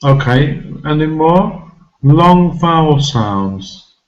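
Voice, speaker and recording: A man teaching English pronunciation in a video lesson, speaking slowly and deliberately and repeating words for emphasis. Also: a little high, animated, highs cut off. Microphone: recorded for a video lesson.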